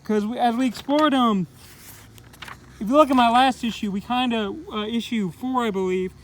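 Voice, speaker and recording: A man's voice: very high voice, normal speed, slight background noise, rough recording. A man giving a casual, rambling comic book review, full of "like" and "kinda". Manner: rambling, heavy use of "like" and "kinda".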